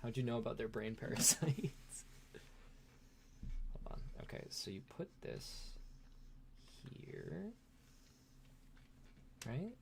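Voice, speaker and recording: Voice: mid-range voice, animated, slow pace, creaky, pauses often, noisy background. A livestream host chatting casually with chat while unboxing a toy, rambling and laughing often.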